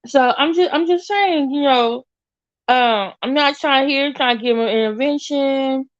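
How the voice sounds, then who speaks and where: A woman's voice: high voice, unhurried, highs cut off. A woman hosting an online audio chat room, talking casually and slangily straight to her listeners. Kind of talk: casual live-audio commentary.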